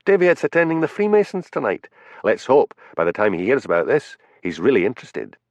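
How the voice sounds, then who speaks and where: A man voicing a wry, scheming male police detective in an audiobook, speaking quickly. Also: mid-range voice, very animated, no room sound, pitched above the performer's own voice. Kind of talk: audiobook character voice.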